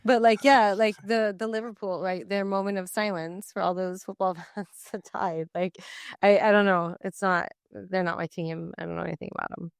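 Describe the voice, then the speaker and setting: A woman's voice: medium pitch, fairly even intonation, normal speed, creaky, clean tone, no room sound, studio quality. A woman co-hosting a podcast, chatting casually and a bit hesitantly. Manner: casual, hesitant, laughs often. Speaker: podcast co-host. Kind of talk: casual chat.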